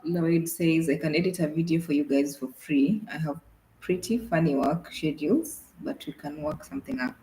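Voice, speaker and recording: A woman from Kenya co-hosting a travel livestream, calmly chatting and reading viewer comments aloud. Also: low voice, moderate pace, gravelly, echoey room, rough recording. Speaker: travel vlogger co-host. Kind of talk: casual livestream chat.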